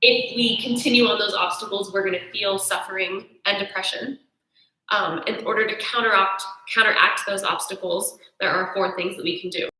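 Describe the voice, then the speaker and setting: A young woman with a bright, clear, medium-pitched voice shares yoga ideas in a casual, lively storytelling style, quoting herself and often asking "right?" to check in with listeners. The room she's in has a strong echo.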